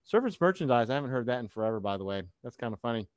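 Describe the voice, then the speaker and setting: A man's voice: medium pitch, big pitch swings, rapid-fire, no echo, clean studio sound. A man hosting a casual live chat, rambling and sarcastic. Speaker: host.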